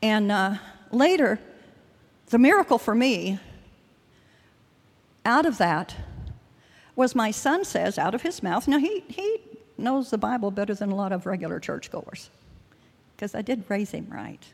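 A woman's voice: medium pitch, expressive, measured pace, creaky, long pauses. An older woman giving an earnest sermon and personal testimony at a church service, rambling at times with restarts and fillers. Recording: long hall reverb.

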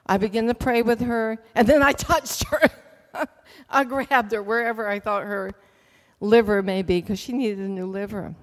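A woman's voice: medium pitch, fairly even intonation, moderate pace. Earnest middle-aged woman in a reverberant hall. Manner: earnest storytelling, hesitant fillers. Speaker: speaker giving testimony. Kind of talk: personal faith testimony. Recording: long reverb from a large hall.

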